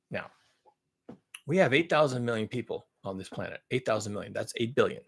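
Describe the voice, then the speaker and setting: A man's voice: medium pitch, lively intonation, a little fast, vocal fry, slightly rough. A man talking in a rambling, blunt monologue, listing things at length and repeating himself. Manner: blunt, swears now and then. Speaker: vlogger.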